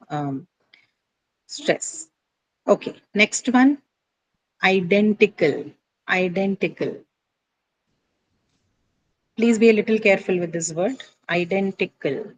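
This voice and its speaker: A woman's voice: lowish voice, lively intonation, moderate pace, rough recording. A woman teacher walks a class through word stress. She speaks in a patient, explanatory way and scatters fillers as she thinks aloud. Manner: patient, explanatory, many fillers like uh and you know.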